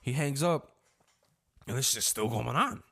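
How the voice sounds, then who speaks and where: A young man talks through a story time in a loose, rambling way, full of slang and cursing. His voice sits at an ordinary middle pitch. Now and then he breaks into loud, acted-out shouts when quoting people. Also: animated, a little slow, gravelly. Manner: rambling, slangy, swearing freely. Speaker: storyteller vlogger.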